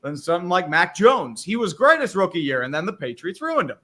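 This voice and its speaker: A man talking football on a casual panel over a video call, building up animated, emphatic rants. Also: high-pitched, brisk. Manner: animated, rising to emphatic bursts. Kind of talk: casual sports chat.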